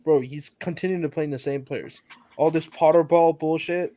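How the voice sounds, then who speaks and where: A man's voice: on the high side, normal speed. A man in heated casual football chat on a stream, blunt and swearing as he argues his point. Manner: blunt, swearing, animated arguing. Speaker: panelist.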